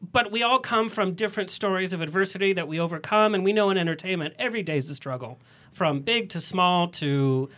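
Bright, chatty talk-show host. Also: mid-range voice, brisk. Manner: chatty, teasing, laughs often. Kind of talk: casual panel chat.

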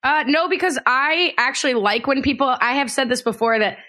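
A woman's voice: high voice, fairly quick, sharp tone. A woman co-hosting a podcast in casual chat, telling stories with a wry, playfully combative edge. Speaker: podcast co-host.

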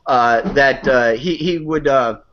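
A man's voice: mid-range voice, takes it slowly, fairly bright tone, highs cut off, slight background noise. A man guesting on a live online show, mocking and taunting the other guest and cutting in on him. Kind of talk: heated live online debate. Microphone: video call.

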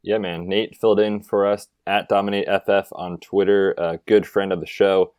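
A man's voice: low-pitched, little pitch movement, moderate pace, darkish tone, clean tone, no room sound, clean studio sound. A man co-hosting a fantasy football podcast, chatting casually in an upbeat, conversational way. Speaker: podcast co-host. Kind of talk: casual sports chat.

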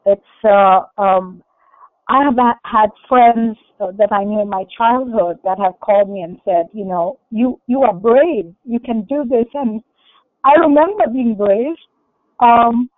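A woman guest on a podcast, sharing a personal story in a halting, hesitant way. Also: on the high side, no echo. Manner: halting and hesitant, many fillers. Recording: thin phone-like dry audio.

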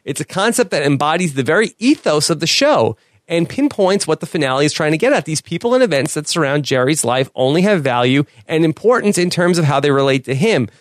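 A man co-hosting a podcast, reading listener emails aloud in a casual, halting way with many "uh" fillers. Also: fairly high pitch, animated, dry recording, studio quality. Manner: reads letters aloud, halting with frequent "uh" fillers.

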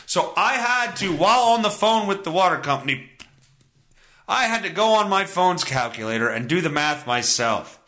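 A man's voice: high voice, expressive, moderate pace, sharp tone. Exasperated swearing podcast host man. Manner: profane, exasperated, laughs often. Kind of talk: ranting comedic storytelling.

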